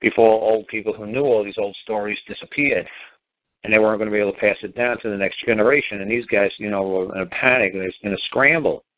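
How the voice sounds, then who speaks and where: A man's voice: fairly low pitch, steady tone, quick pace, dry recording. A man talking in a rambling, casual monologue, full of fillers and restarts, as a talk show host. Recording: tinny phone line.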